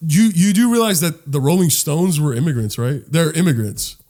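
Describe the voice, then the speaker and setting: A man co-hosting a podcast in casual chat, animated and profane, rambling with many restarts. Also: on the high side, normal speed. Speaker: podcast co-host.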